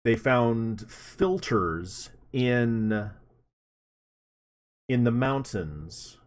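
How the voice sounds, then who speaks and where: A man doing a slow halting abbot. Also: medium pitch, sing-song. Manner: slow, halting, pauses with ums. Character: male abbot recalling old stories.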